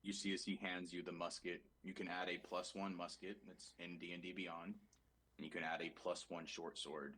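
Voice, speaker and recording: Deep husky male game master. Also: level tone, normal speed, pushed and bright, poor audio. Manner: casual narration with many fillers. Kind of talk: narrating a tabletop game.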